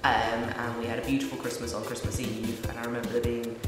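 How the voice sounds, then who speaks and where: A man's voice: mid-range voice, little pitch movement, quick pace. Chatty young man in an echoey room. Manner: chatty, playfully boastful. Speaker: cosplay vlogger. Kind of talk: casual chat. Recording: echoey room with long reverb, music behind.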